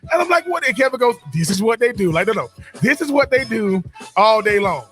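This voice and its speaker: A man's voice: sits high, sing-song, fairly quick, fairly bright tone, soft background music. A man, co-hosting a radio show, telling stories in a casual chat with frequent repeats and laughs. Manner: repeats words and restarts, laughs often.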